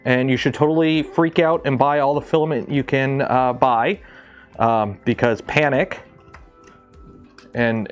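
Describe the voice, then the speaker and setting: Man, from Canada, livestream host, casual rambling build chat, gravelly, mid-pitched, jokes at his printers. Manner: rambling, jokey, swears, talks to his machines.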